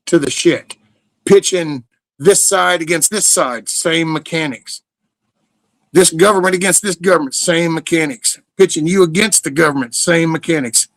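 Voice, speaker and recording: A man's voice: a little high, moderate pace, a bit bright, dry recording. A middle-aged man hosts a livestream in a rambling, casual monologue. He is blunt and profane, and his talk wanders and restarts. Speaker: livestream host.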